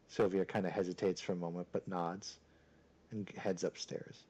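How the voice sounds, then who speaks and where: Low-voiced man running a tabletop game. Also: level tone, moderate pace, darkish tone, husky, low-quality recording. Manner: casual, chatty narration full of "kinda" and "like". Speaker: game master. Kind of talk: narrating a tabletop role-playing game.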